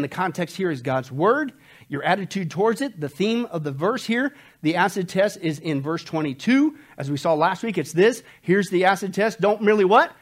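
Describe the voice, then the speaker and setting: A man preaching an expository sermon to a church congregation, swinging between loud emphatic outbursts and low hushed warnings. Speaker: pastor. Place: church service.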